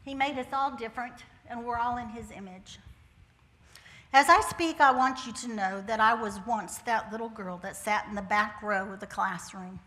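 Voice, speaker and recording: An older woman gives a personal testimony in church, her folksy, joking storytelling pitched a little high and sounding bright and forceful. Her voice rings out with a long reverb from the church hall. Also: moderate pace. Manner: folksy and humorous, with Southern turns of phrase. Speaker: church speaker sharing testimony.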